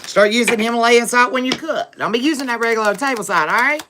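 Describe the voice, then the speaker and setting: Reading tarot on a livestream, a woman speaks at a quick pace in a fairly high voice, with music in the background. She's chatty and familiar, calls viewers "baby" and "boo", tags lines with "okay?" and laughs a lot between remarks.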